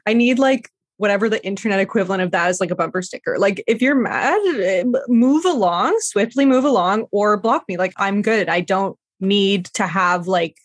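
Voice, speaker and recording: A woman's voice: medium pitch, brisk, hardly any pauses, dry recording. A young adult woman hosting a podcast, chatting casually and reacting to her guest, with frequent "like". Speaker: podcast host.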